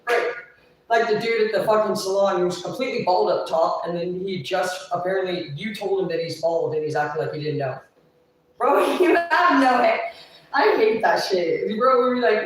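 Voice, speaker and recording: A woman's voice: fairly low pitch, lively intonation, recorded from a distance, slight background noise. A woman livestreaming, venting in a long profane rant, a little tipsy. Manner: profane, agitated, rapid venting. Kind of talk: ranting livestream storytelling. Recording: echoey room, voice off-mic.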